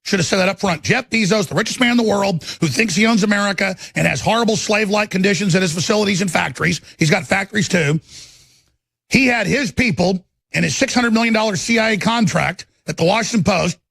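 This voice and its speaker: A middle-aged man hosting a live talk broadcast, ranting angrily and repeating himself, with a gravelly voice close to a studio mic. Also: high-pitched, quick pace, a bit bright, no echo. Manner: furious, ranting, repetitive. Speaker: talk radio host. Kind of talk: angry political broadcast rant.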